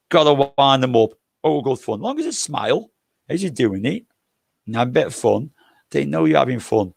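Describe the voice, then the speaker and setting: An older livestream host with a gravelly, mid-pitched voice rambles through loose, jokey travel stories full of swearing, circling back to his own points. His pitch swings widely and his speed is normal. The recording is dry and close, with no room sound at all.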